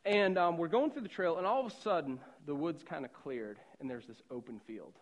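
A middle-aged man from the Boston suburbs preaching a sermon, telling a story in a loose, conversational way and swinging from hushed to loud. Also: fairly high pitch, brisk, muffled recording.

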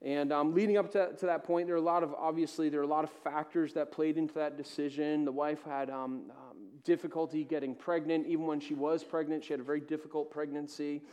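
High-voiced man preaching with fervor. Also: level tone, fast, hardly any pauses, clean tone. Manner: impassioned preaching, swinging between loud emphasis and hushed tones. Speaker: pastor. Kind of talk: sermon.

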